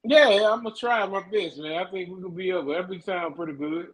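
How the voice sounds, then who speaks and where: A man's voice: sits high, fast talker, poor audio. A man co-hosting a casual sports chat, backing the host with frequent agreement and laughter. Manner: backchannels often, laughs along. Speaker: podcast co-host.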